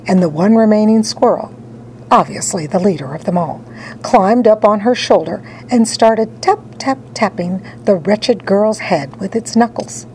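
A woman narrating a children's story in an expressive read-aloud style. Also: mid-range voice, a little slow, slight background noise, low-quality recording. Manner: animated, dramatic storytelling.

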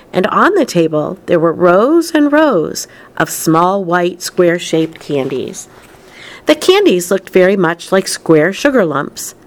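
A woman reading a children's novel aloud, unhurried and expressive. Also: on the low side. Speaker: reader.

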